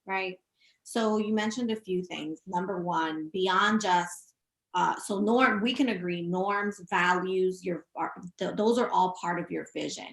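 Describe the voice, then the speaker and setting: A woman's voice: on the low side, measured pace. A woman hosting a casual leadership chat over a video call, emphatic as she sums up points and prompts her guest. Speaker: host. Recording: roomy echo.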